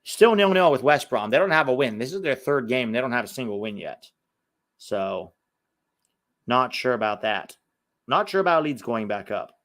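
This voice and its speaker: A man's voice: medium pitch, lively intonation, normal speed, a bit bright. An American man hosting a live football watch-along, chatting casually with viewers and exclaiming at every chance. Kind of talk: live casual match commentary and chat.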